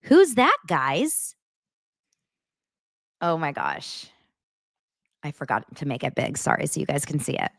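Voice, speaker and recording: A woman's voice: deep voice, expressive, unhurried, vocal fry, pauses often, dry recording, studio quality. A woman hosting a live commentary show, reading out messages and reacting with incredulous, laughing remarks.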